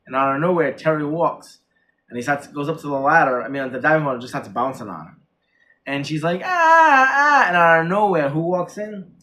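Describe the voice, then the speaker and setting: Male horror-movie reviewer, a little high-pitched, in an excited, rambling casual chat full of restarts. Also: brisk. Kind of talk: casual chat, retelling a film plot.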